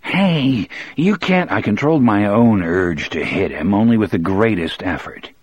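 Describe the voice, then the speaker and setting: Low, husky male audiobook narrator. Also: lively intonation, moderate pace, a little mellow, no room sound, lo-fi sound. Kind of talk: first-person audiobook narration.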